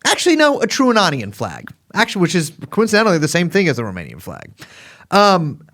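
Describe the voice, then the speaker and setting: A man co-hosting a casual podcast, with a voice pitched a bit high and swinging widely in pitch. He rambles through his points with plenty of fillers. His delivery is animated and conversational. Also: a little fast. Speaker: podcast co-host.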